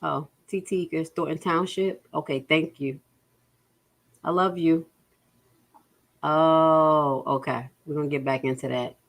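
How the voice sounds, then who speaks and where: A woman with a low, steady voice hosts a casual livestream at a measured pace, with vocal fry and frequent pauses. She's blunt and exasperated while reviewing budget figures, and she reads viewer comments aloud.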